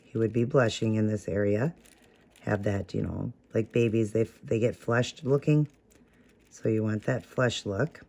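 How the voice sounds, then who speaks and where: A man's voice: lowish voice, steady tone, unhurried, creaky, a little mellow. Man, craft tutorial host; easygoing step-by-step talk, thinks aloud, fixes his own slips. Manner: chatty, talks while working, corrects own slips.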